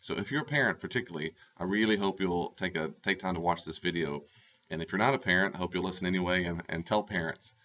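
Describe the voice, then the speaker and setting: Man, very low voice with a bright forceful edge, earnest advice talk to camera, repeats phrases for stress, slightly dull lo-fi audio. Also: fast. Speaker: life coach.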